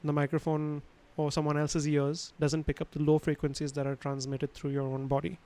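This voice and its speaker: A man's voice: fairly high pitch, completely flat delivery, normal speed, dark tone, low-quality recording. A man teaching a livestream lesson on sound, explaining casually with many fillers and restarts, recorded at home on a studio microphone. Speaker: instructor. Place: his home room.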